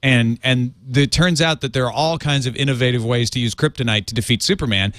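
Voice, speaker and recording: A man's voice: medium pitch, brisk, a bit bright, no room sound, clean studio sound. Wry man co-hosting a podcast. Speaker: podcast co-host. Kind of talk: casual chat.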